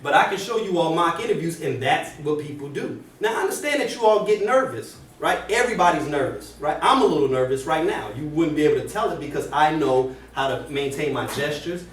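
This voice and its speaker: A man teaching a class about job interviews, talking in an energetic classroom lecture style. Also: a little high, fairly quick, few pauses. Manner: energetic, demonstrates bad habits by mumbling. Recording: roomy, distant, faint hiss.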